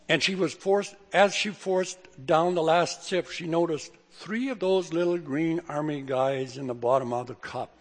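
Older man, pastor, folksy storytelling sermon, slightly high voice, long church reverb. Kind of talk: sermon with humorous stories.

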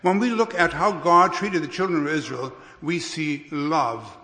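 A man preaching a sermon as a pastor, unhurried, with restarts and careful emphasis. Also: a little high, pushed and bright. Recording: long reverb of a hall.

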